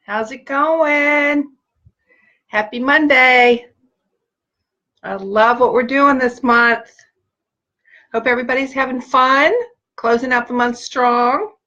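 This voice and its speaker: Woman host, middle-aged, slow and bright-toned, gushing live chat, lo-fi sound. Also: on the high side, fairly even intonation. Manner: upbeat, gushing greetings to viewers. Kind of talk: casual live video chat.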